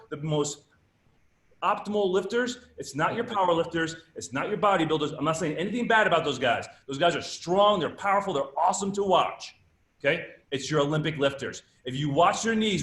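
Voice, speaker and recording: A man with a fairly high voice delivers an emphatic fitness workshop lecture. He keeps putting rhetorical questions to the room and answering them himself. The sound comes from an echoey event space. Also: lively intonation, fairly quick, fairly bright tone. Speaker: presenter at a fitness summit. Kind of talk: live workshop lecture with demonstration.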